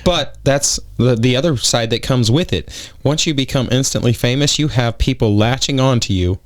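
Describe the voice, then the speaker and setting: Male podcast co-host, mid-pitched, emphatic and blunt, makes his points forcefully. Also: moderate pace. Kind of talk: casual podcast discussion.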